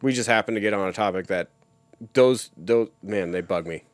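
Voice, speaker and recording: A man's voice: fairly low pitch, normal speed, no echo, faint music behind. A young man co-hosting a casual podcast, grumbling in exasperation and swearing often. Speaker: podcast co-host. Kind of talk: casual chat.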